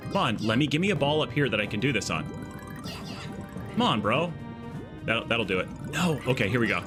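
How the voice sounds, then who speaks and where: A man's voice: medium pitch, a little fast, over music. A man streaming a game live, chatting casually and riffing jokes with his chat. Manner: jokey, riffing excitedly with chat.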